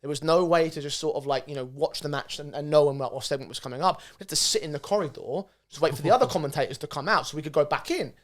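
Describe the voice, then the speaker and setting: A man with a fairly high voice chats on a podcast as a guest. He is an esports commentator who tells his stories with animation and swears freely. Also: fast talker, few pauses. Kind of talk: casual podcast chat.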